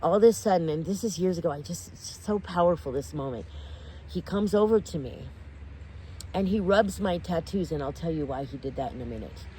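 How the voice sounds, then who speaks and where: Low-voiced woman telling an emotional story. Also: slight background noise. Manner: animated, intense, self-interrupting, quick to tears. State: tearful. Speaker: guest. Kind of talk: emotional storytelling in casual chat.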